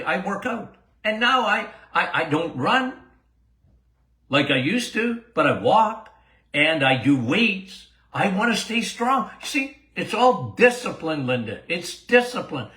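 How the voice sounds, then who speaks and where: Older male doctor-host, casual Q&A podcast, emphatic, laughs a lot, slightly high bright voice, echoey room. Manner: animated, emphatic, repeats himself, laughs often.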